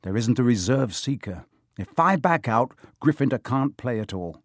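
A man's voice: medium pitch, lively intonation, moderate pace, dry recording, natural voice. An earnest young schoolboy from a storybook, read by a man, speaking plainly and directly in a middle register. The sound is close and dry. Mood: firm. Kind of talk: audiobook reading.

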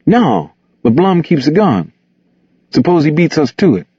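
A man puts on a jumpy young man, higher than his reading voice, anxious and quick to take offence. His slangy lines come out raised and defensive on a dry, dull, lo-fi recording. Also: big pitch swings, warm tone, husky, no room sound, exaggerated voice. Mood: nervous. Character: nervous young man, defensive and easily stung.

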